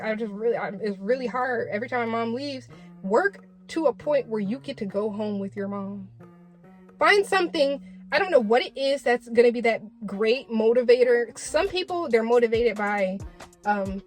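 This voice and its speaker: A woman talks straight to camera in a casual commentary vlog, her fairly high voice carrying a blunt, exasperated tough-love tone. She swears freely as she lectures. Faint music plays underneath. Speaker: commentary vlogger.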